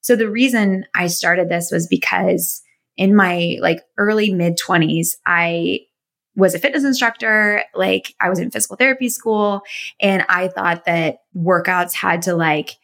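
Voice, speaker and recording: A woman's voice: on the low side, a little slow, vocal fry, fairly bright tone. A woman in her thirties, a physical therapist and fitness business owner, talking as an enthusiastic, chatty interview guest. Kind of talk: casual interview chat.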